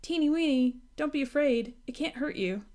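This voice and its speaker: A woman reading aloud plays an excitable young troll boy who coos and cries out in a raised, bright voice. He dotes on his pet and can hardly keep still. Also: high voice, unhurried, pitched above the performer's own voice. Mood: coaxing. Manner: eager, breathless, doting. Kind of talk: storybook read-aloud.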